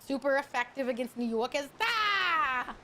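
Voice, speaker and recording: A woman's voice: high-pitched, lively intonation, moderate pace, slight background noise. A woman VTuber chatting casually while gaming, swearing freely and greeting viewers with affection. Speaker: VTuber streamer. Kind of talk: casual gaming stream chat.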